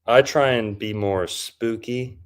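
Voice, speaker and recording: A man's voice: medium pitch, takes it slowly. A man hosting a podcast in casual chat, joking and mocking as he riffs. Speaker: podcast host.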